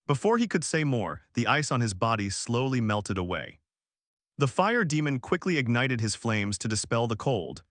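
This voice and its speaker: A male narrator who reads a story recap with dramatic flair. His pitch swings a lot, and the dry, close sound has no room echo. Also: lively intonation, normal speed, a bit bright.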